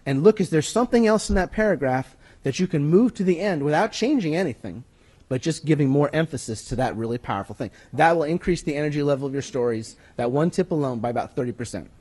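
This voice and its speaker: Male workshop lecturer, slightly high voice, conversational and emphatic, drifts off-mic. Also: lively intonation, quick pace, a little mellow, husky. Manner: conversational teaching, emphatic, with handout references. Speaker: writing workshop speaker. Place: room with an audience. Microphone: moves away from the mic at times.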